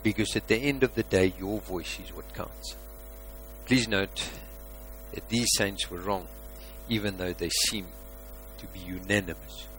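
A man preaching a sermon as a pastor, asking rhetorical questions and swinging between loud emphasis and quiet asides. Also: sits low, fairly even intonation, measured pace, pauses often, a little hiss or hum, poor audio.

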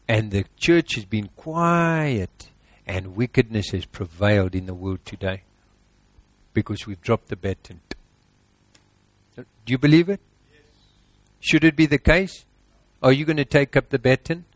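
A man's voice: lowish voice, lively intonation, a little slow, pauses often, no room sound. A man preaching a sermon, emphatic and exhorting, piling up lists.

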